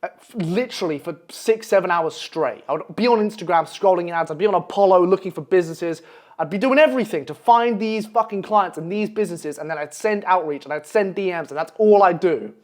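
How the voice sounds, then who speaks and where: Brash, profane young man with a higher voice. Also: fairly quick. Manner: profane, brash, repeats "okay?". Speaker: online coach. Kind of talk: blunt motivational monologue.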